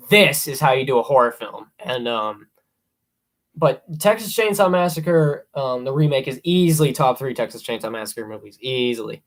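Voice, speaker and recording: A young man hosting a casual live stream, rambling with many ums and excited asides. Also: on the high side. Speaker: livestream host ranking horror films.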